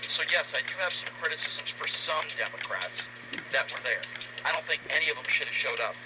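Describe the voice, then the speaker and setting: A man giving measured political commentary in a played clip. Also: a little high, animated, very noisy.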